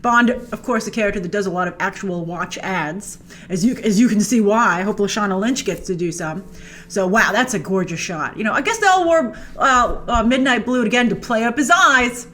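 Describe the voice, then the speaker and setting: A woman's voice: medium pitch, normal speed, a bit bright. A woman hosting a trailer breakdown, talking casually and playfully with lots of asides as she thinks aloud. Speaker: film trailer reviewer and show host. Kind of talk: casual chatty commentary over a trailer.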